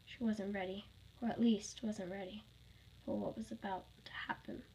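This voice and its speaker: A woman's voice: mid-range voice, steady tone, moderate pace, gravelly, a little mellow, slight background noise, rough recording. A woman reading her own fan story aloud, plainly, with small slips.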